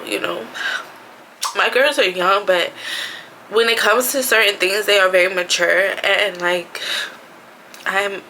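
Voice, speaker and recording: An expecting mother vlogs casually in her home bathroom about her pregnancy, her medium-pitched voice pushed and bright, fairly even in intonation, a little slow and full of pauses. She leans on "like" and "you know" constantly, and the poor audio carries slight hiss or hum.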